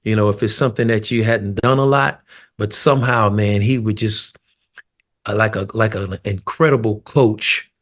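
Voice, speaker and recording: A middle-aged man, a drummer guest, telling stories in a loose, animated way with laughs. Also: fairly low pitch. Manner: animated storyteller, laughs and acts out scenes. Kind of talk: casual storytelling chat.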